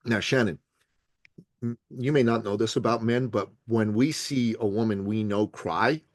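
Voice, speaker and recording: A man's voice: on the low side, normal speed, dry recording. An older man, a podcast guest, telling a story in conversation and acting out the people he quotes. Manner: lively storyteller who acts out the people he quotes.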